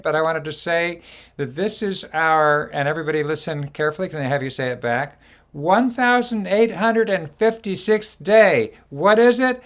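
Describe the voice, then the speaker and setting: A man's voice: a little high, fairly bright tone. A man hosting a casual online show, reading out long lists of greetings with fillers and restarts. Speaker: host.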